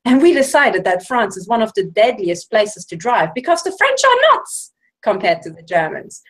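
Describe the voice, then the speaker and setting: A woman of middle pitch speaks in long, emphatic runs as a guest in a group discussion. Her tone is sarcastic and forceful, and she presses her points hard. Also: very animated, moderate pace, rough recording.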